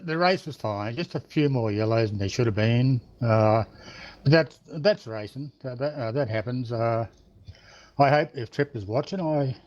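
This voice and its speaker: A man speaks haltingly after a race, his voice thick with emotion as he restarts sentences and leans on fillers. His voice sits mid-range, and the audio comes through dull and lo-fi like a voice chat. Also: medium pitch, darkish tone. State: emotional, fighting tears. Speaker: race driver interviewed after a sim race. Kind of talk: post-race interview over voice chat.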